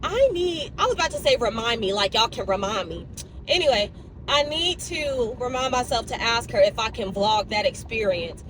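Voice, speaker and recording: A woman's voice: on the high side, moderate pace, background noise. Chatty young woman vlogging to her phone. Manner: chatty, animated, speaks to viewers as y'all. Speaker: fitness vlogger. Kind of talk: casual chat to camera. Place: car, then gym locker room.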